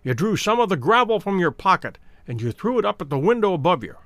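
A man voicing a cool, precise, commanding detective in a dramatic audiobook reading, calm, measured and authoritative. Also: high-pitched, dry recording, exaggerated voice. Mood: stern.

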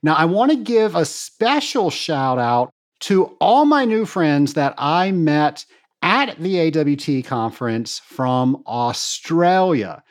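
A male podcast host speaking solo to his audience, enthusiastic and full of thanks. His voice sits a little high for a man and swings widely in pitch as he talks. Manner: enthusiastic, grateful, promotional.

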